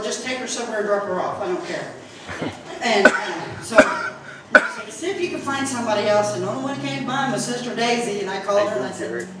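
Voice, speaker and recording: A middle-aged woman with a Southern Indiana accent tells a folksy church testimony, acting out each quote. She sounds far from the mic in a very echoey sanctuary. Steady background noise sits under her voice. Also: on the high side. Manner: folksy storytelling, acts out quotes, laughs often. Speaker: church member giving testimony.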